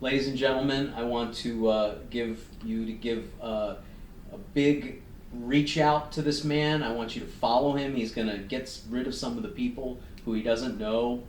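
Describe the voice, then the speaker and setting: A man's voice: medium pitch, steady tone, moderate pace, echoey room, distant mic, a little hiss or hum, low-quality recording. A man hosting an interview show, introducing his guest with hammy enthusiasm. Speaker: podcast host. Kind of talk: casual interview.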